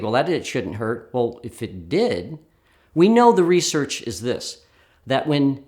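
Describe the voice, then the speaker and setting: A middle-aged man telling how he runs a stage demonstration, acting out the dialogue with lively changes of voice. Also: mid-range voice. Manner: animated, acts out dialogue with voice changes. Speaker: speaker explaining a demonstration. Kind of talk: storytelling talk to camera.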